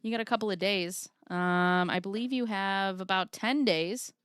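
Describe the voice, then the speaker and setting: A woman's voice: medium pitch, normal speed, a bit bright, clear, resonant tone. A woman in her thirties hosting a casual livestream, chatting frankly and swearing freely while reading out comments from viewers. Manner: chatty, swears freely, reads chat aloud. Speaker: livestream host.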